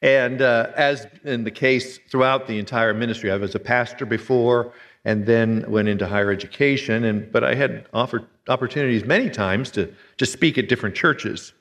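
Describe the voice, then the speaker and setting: A man's voice: mid-range voice, moderate pace, fairly bright tone. Older guy from pennsylvania giving a sermon, homey anecdotes, long church echo. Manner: folksy storytelling, humorous anecdotes. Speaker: guest preacher, retired pastor. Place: church sanctuary.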